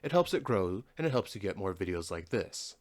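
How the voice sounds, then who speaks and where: A man's voice: low-pitched, very animated, fairly quick. An American man who hosts a reaction channel, reading a Reddit post aloud and then giving his casual, rambling take. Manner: chatty and rambling, with frequent restarts.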